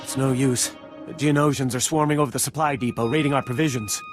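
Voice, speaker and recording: A man's voice: medium pitch, steady tone, quick pace, over music. A man voicing a nervous, pessimistic settlement defender in a game cutscene.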